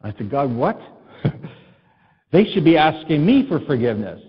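A man's voice: a little high, very animated, moderate pace, slightly rough, muffled recording. A man preaching a sermon to a congregation in a conversational, storytelling way, often asking the listeners questions and acting out what people said. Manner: conversational, asks the congregation questions, acts out quotes. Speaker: pastor.

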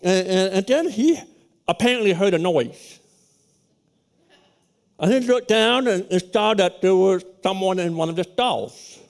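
High-voiced loud preacher man. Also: measured pace, vocal fry, long pauses. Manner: animated storytelling with many restarts. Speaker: pastor. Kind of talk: sermon with personal story.

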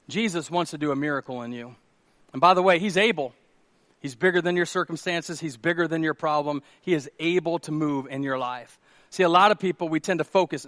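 High-voiced preaching man. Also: dry recording. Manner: swings from loud urgent preaching to hushed prayerful tones. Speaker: pastor. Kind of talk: sermon. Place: church room.

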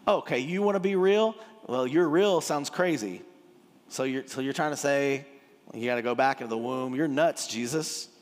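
A preacher putting on a smug old scholar. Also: male voice, medium pitch, normal speed, close to an everyday voice. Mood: sarcastic. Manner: self-important, then sarcastic. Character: pious older male scholar, smug flatterer. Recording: long hall reverb.

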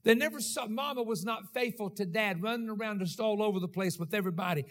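A man with a high-pitched voice preaches a sermon. He speaks in a rhythmic cadence and keeps checking in with his congregation as he drives each point home. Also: fast talker, a bit bright. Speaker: pastor.

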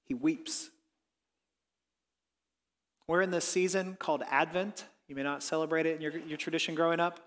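High-voiced man preaching in a reverberant hall. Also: fairly even intonation, fast, few pauses. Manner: earnest, voice drops soft on reflective lines and rises on pleading quotes. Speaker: pastor. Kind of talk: sermon.

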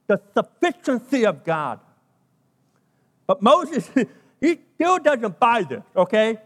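A high-voiced British pastor preaches a sermon emphatically, repeating key phrases and stretching words to drive them home, his fairly bright voice carrying a long reverb through a large hall. He speaks unhurriedly with big pitch swings and frequent pauses.

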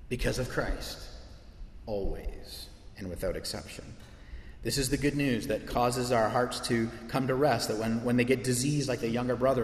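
Impassioned male preacher in an echoey hall. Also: medium pitch. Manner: earnest, impassioned preaching with emphatic swells. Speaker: pastor. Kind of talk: sermon. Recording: echoey hall with long reverb.

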